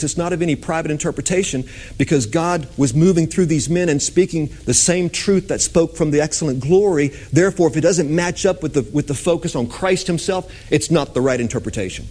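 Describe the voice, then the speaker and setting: Husky-voiced man preaching with animation. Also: fairly quick. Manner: animated, swings from high excited exclamations to low hushed tones. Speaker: pastor. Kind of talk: sermon.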